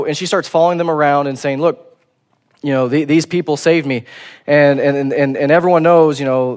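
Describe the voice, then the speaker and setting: A man preaching a sermon in a casual, conversational way, acting out quotes in a relaxed voice. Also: a little high.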